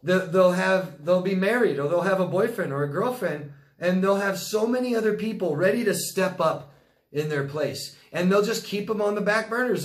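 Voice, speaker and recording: Blunt, emphatic man coaching in a Q&A. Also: sits high. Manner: blunt, emphatic, repeats himself, occasional swearing. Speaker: relationship coach hosting a Q&A. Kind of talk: casual livestream Q&A answering viewer comments.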